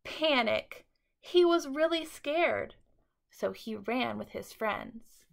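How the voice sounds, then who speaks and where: A woman teacher reading a bedtime story aloud to children in an expressive, dramatic way. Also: high voice, takes it slowly, gravelly.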